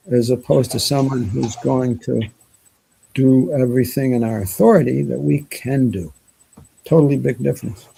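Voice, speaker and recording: A man's voice: mid-range voice, gravelly, dark tone, slight background noise, low-quality recording. A man hosting a live talk show, talking in a reflective, rambling way about responsibility and going inward. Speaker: host. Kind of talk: casual chat.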